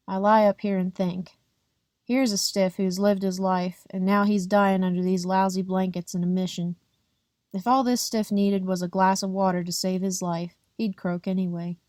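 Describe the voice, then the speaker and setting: A woman narrating a first-person audiobook in a plain, measured, unhurried reading. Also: mid-range voice, little pitch movement, darkish tone, no echo, studio quality. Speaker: audiobook reader.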